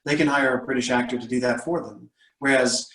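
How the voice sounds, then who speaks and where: A man's voice: mid-range voice, steady tone, brisk, a bit bright. A man from the United States, an audiobook narrator and coach, telling stories animatedly as a guest on a casual panel chat over a video call. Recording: roomy, distant mic.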